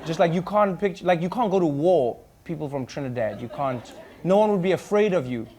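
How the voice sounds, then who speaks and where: A man's voice: fairly high pitch, animated, a little fast, a little mellow, some chatter behind. A man hosting a comedy show, joking with audience members and slipping into mock accents, laughing often. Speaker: talk show host bantering with audience. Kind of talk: improvised comedy crowd work. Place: studio with live audience. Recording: live studio audience, noisy.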